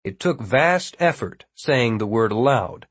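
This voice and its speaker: Slow, husky male narrator. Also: medium pitch, expressive, no echo. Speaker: audiobook narrator. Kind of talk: scripted narration.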